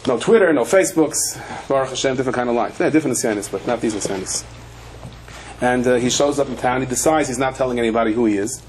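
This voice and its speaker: A man's voice: medium pitch, quick pace, darkish tone, slight background noise, poor audio. A man, a rabbi, giving a sermon-style Torah class, weaving humorous stories into the teaching and acting out the people he quotes. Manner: humorous storytelling, acts out quoted voices.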